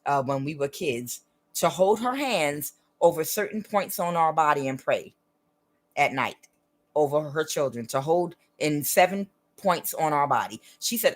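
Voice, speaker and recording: A woman with a low voice hosts her own spiritual channel as a tarot reader, speaking earnestly and emphatically in a casual monologue. She is animated yet unhurried and keeps checking that the listener understands.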